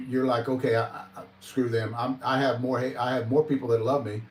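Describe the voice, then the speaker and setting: A man's voice: medium pitch, flat delivery, a little fast, slight background noise. A man hosting a podcast in casual chat, emphatic and repeating his points for stress. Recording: roomy, off-mic sound.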